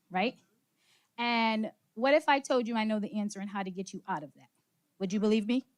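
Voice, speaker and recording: A woman giving an interactive motivational workshop talk to a live audience, moving among them and asking questions, a little out of breath. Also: fairly high pitch. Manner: energetic, engages audience with questions and laughs. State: slightly out of breath. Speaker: speaker leading a workshop session. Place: conference room with live audience.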